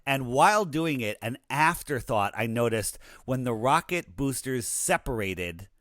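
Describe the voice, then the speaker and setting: Animated, chatty man telling a story. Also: medium pitch, a little slow, no echo, studio quality. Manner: animated storyteller, acts out quoted dialogue. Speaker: interview guest. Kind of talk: casual conversation.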